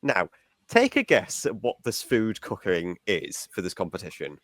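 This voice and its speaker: Male podcast panelist, lower voice, eager and rambling, dry close sound. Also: wildly swooping pitch, moderate pace, a bit bright, dry recording. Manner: enthusiastic, laughing, rambling. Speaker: podcast film reviewer. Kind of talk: casual chat.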